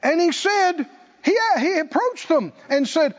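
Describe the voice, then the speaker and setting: A pastor preaches to his congregation in a church sanctuary, his very high, expressive voice moving a little slowly as he emphatically repeats key phrases in call-and-response style. The recording is dull and lo-fi, with long hall reverb.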